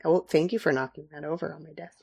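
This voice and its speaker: A woman chatting casually on a podcast from her room at home, apologetic and quick to laugh. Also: low voice, gravelly, mellow, breathy edge, dull audio. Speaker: podcast co-host. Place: home room with dogs around.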